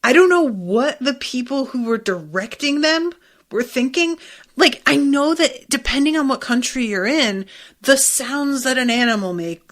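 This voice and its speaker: A woman's voice: fairly high pitch, a bit bright. A woman hosting a podcast, recapping an episode in a loose, chatty, profane way, full of fillers and quoted asides. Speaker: podcast host. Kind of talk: casual solo recap.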